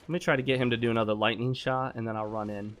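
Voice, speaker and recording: A man with a mid-pitched, ordinary voice talks casually over his gameplay. He gives blunt, opinionated advice and wanders off track, trips over his words, and fills gaps with "uh" and "um". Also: fairly even intonation, very fast, fairly bright tone. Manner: rambling with frequent fillers and self-corrections. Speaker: gaming channel host.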